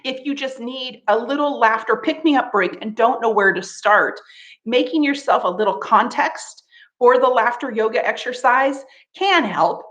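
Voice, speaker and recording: Upbeat woman coach for an online laughter class; playful, bouncy, lively delivery. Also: a little high, normal speed. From United States. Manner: playful, laughing often, chanting ho ho ha ha. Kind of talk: live online laughter yoga session.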